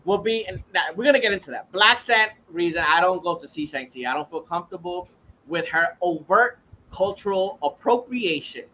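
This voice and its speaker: A man's voice: sits high, expressive, normal speed, sharp tone, dull audio. A man hosting a casual podcast chat, ranting heatedly and swearing freely. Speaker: podcast host.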